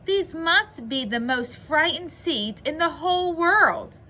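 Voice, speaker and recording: Woman doing a loud, fretful little toad. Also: fairly high pitch, big pitch swings, slow pace, slight background noise, pitched above the performer's own voice, heavily acted. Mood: excited. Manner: loud, raised, exclaiming. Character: excitable, worried male toad, small and eager. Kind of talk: storybook read-aloud.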